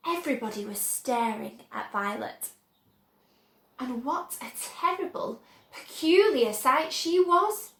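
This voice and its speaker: A woman reading a children's book aloud, slow and expressive. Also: sits high, reverberant. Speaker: storyteller.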